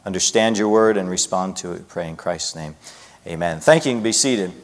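A man's voice: deep voice, brisk, big-room sound. A man in his thirties, a youth pastor preaching a sermon, who prays earnestly and tells family stories, acting out his children's voices. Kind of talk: sermon with prayer and personal storytelling.

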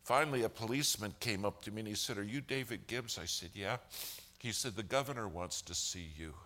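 A man's voice: on the low side, a little fast, pushed and bright. A man telling a long church story as a sermon, acting out the quoted dialogue of the people in it.

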